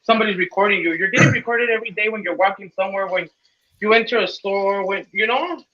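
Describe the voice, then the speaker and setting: A man's voice: sits high, quick pace, lo-fi sound. A laid-back man in casual chat, blunt and swearing freely.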